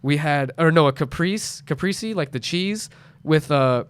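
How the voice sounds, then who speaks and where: His voice is fairly high and smooth, unhurried, on a dry recording. He's a podcast host in his late twenties, an animated storyteller in casual chat who acts out other people's lines with a raised voice.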